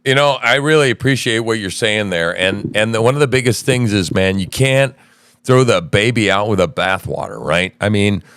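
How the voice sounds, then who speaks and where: A man's voice: on the low side, moderate pace, a bit bright, clean tone, dry recording. A man hosting a podcast from his home in the woods, telling a rambling, profane story in casual chat. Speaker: podcast host.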